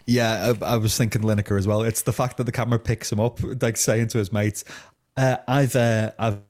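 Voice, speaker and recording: A man's voice: fairly low pitch, flat delivery, brisk, a little mellow. A man co-hosting a casual football podcast, trading wry, teasing banter. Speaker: podcast co-host.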